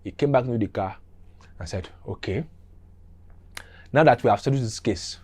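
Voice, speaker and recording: A middle-aged man tells a story from his youth in a loose, casual way. He is animated, repeats himself and acts out the scenes with sound effects and small asides. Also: medium pitch, normal speed, slightly rough.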